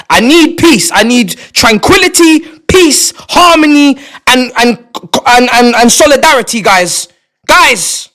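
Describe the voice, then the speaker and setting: A man, chatting live on stream to his viewers, excitable, repeating and stumbling over words, sometimes shouting. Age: 20s. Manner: shouts in bursts, then drops to low mutters. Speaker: livestreamer.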